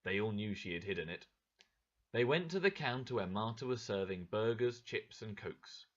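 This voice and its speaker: A man narrating a graded story for English learners in a clear, expressive way. His pitch moves a lot, rising and falling. The recording sounds slightly dull and lo-fi. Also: normal speed.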